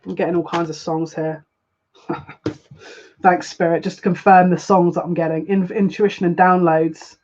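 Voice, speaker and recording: A woman's voice: on the low side, little pitch movement, measured pace, darkish tone, highs cut off, slight background noise. A woman giving a live collective card reading as a psychic, talking in a chatty, rambling and openly emotional way.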